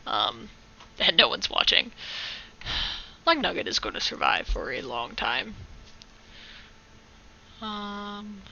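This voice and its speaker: A woman talks slowly through a casual live-stream art tutorial, her voice bright and sharp with a gravelly fry underneath. She rambles, jokes and corrects herself mid-sentence. The audio is dull and lo-fi. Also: mid-range voice, big pitch swings, a little hiss or hum. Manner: rambling, jokey, self-correcting, talks to chat.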